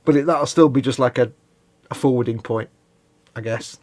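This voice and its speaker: A man's voice: medium pitch, moderate pace. Rambling man on a live stream. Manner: rambling and explanatory, with hedges and restarts. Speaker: co-host of a live hobby stream. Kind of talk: casual chat.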